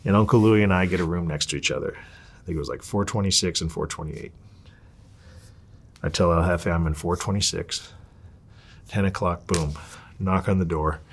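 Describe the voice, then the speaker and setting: Low-voiced man telling a wild story. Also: normal speed, pauses often, a little hiss or hum. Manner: profane, animated, acts out quotes. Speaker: interviewee. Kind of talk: candid storytelling.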